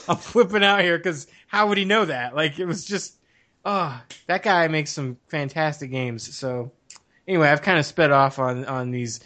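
Man, casual podcast co-host, slightly high voice, rambling laughing storyteller. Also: fairly quick, fairly bright tone. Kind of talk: casual chat.

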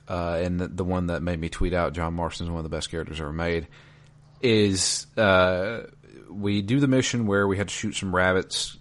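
A man from the American South talks through a video game in a loose, rambling podcast chat. His voice sits low, and he fills pauses with frequent uhs and ums. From Georgia, US South. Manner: relaxed, rambling with many fillers. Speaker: podcast co-host.

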